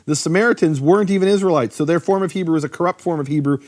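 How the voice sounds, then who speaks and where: A man teaching in casual talk, lively, with many fillers and restarts. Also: a little high, very fast. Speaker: Bible teacher.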